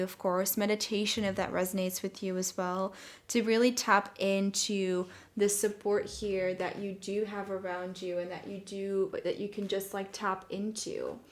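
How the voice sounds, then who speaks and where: A young woman giving a casual tarot reading, talking in a soft, gentle and reassuring way. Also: mid-range voice. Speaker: tarot reader.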